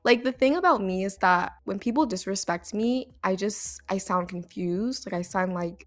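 A young woman talks through life advice on her own podcast, chatty and loose, leaning on "like" between thoughts. Her voice sits at an ordinary middle pitch for a woman. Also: normal speed, hardly any pauses. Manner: chatty, frequent "like" fillers, breaks into laughs. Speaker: podcast host.

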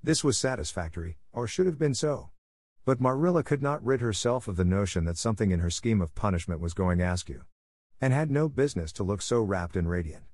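A man reads a classic story aloud as an audiobook narrator. His voice sits low and moves at a steady, even pace. The recording is dry and close, with no room sound. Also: fairly quick, no room sound. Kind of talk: scripted narration.

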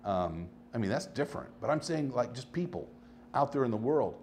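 A man hosting his own podcast, talking casually and rambling through stories, swinging between animated bursts and low asides. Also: fairly quick, slight background noise. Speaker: podcast host. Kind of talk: casual solo podcast monologue.

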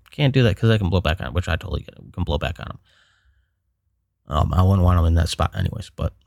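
A man hosting a solo podcast, talking in a frank, rambling way with some profanity and sounding frustrated and low. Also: gravelly, a little mellow, no echo, clean studio sound. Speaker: podcast host.

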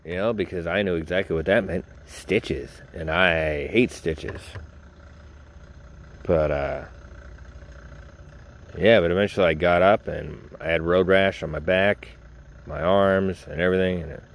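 A man's voice: low-pitched, a little slow, long pauses. A man hosting a podcast, telling a personal story in a casual, rambling, informal way and addressing his listeners directly. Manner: rambling, informal, swears, talks straight to listeners. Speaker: podcast host.

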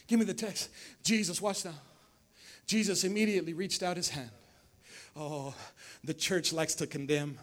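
At a measured pace with frequent pauses, a male pastor preaches to his church in a voice that sits high and stays fairly even in intonation. His sermon is lively and call-and-response, full of questions aimed at the congregation and repeated phrases.

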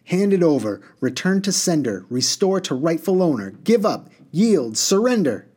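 A man's voice: mid-range voice, expressive, normal speed, a little mellow, close to an everyday voice. A man reading aloud and voicing a petulant little male water genie who rattles off strings of stock phrases in a fussy, officious way. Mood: snappish.

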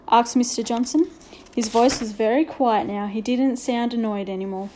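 Storybook narrator, woman, mellow tone, slightly high voice. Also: fairly quick.

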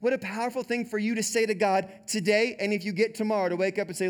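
A male pastor preaching a sermon in a conversational, animated way, often saying "like.". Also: high-pitched, quick pace, hardly any pauses, clean tone.

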